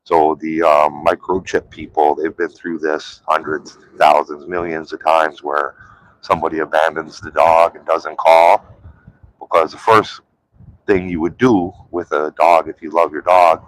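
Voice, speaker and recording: A man's voice: low voice, no echo, low-quality recording. A man chatting loosely on a live stream, full of "like" and "um", rambling from one thought to the next. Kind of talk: casual live-stream chat.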